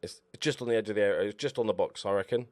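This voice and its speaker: A man commentating over his own football management game, excitable and swearing at his players. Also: on the low side, rapid-fire, dry recording. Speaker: gaming YouTuber. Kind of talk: Let's Play commentary.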